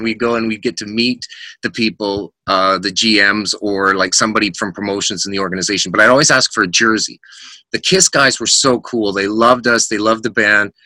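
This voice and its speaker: A middle-aged man, a musician guest, telling lively anecdotes in casual chat and acting out the voices of people in them. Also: lowish voice, dry recording. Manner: animated anecdotes with quoted voices.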